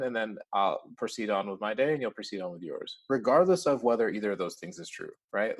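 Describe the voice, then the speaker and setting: A man's voice: fairly low pitch, fast, few pauses. A man talking as a podcast guest in a casual interview, chatty and laughing often as he acts out bits of dialogue.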